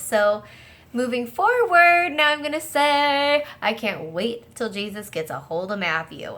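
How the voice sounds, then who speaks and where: A woman with a sharp-toned, mid-range voice hosts a casual home video discussion about a series. She is earnest and enthusiastic, occasionally acting out scenes in quoted voices.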